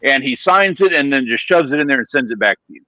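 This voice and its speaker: A man's voice: mid-range voice, expressive, quick pace, sharp tone, no echo, highs cut off. A man in a casual stream chat, telling stories eagerly and swearing casually.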